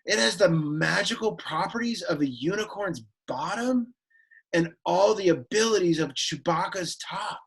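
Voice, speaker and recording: Brief: man putting on a bored, sulky teenage boy teaching Latin, slow, croaky, very husky drawl. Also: sits high, heavily acted. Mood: exasperated deadpan. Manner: deadpan, whiny, easily annoyed. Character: sullen awkward teenage boy, exasperated and bored. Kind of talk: Latin lesson in character.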